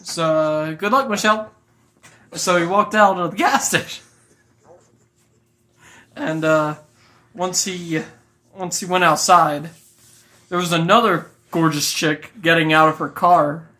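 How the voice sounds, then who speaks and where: A man's voice: on the high side, fairly even intonation, slow pace, long pauses, bright, forceful tone. A man improvising a comic story, rambling with many fillers and laughing at his own jokes.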